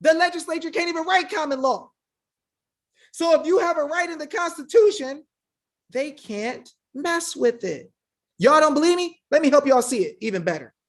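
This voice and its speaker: A woman with a high-pitched voice delivers a fiery, preachy monologue straight to her viewers. She piles up rhetorical questions and keeps calling them y'all. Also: expressive, normal speed. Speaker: online legal rights commentator.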